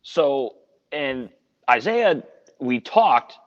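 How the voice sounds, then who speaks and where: A man's voice: mid-range voice, big pitch swings, drawn-out words. A man working as a sports radio reporter, telling a story in a casual podcast chat, earnest and rambling with frequent restarts. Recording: dull lo-fi audio with long reverb.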